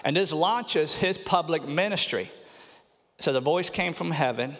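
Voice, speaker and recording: A pastor preaching a sermon with earnest emphasis, slowing down on key phrases and sometimes repeating words. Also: male voice, on the high side, fairly bright tone. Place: church sanctuary. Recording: long church hall reverb.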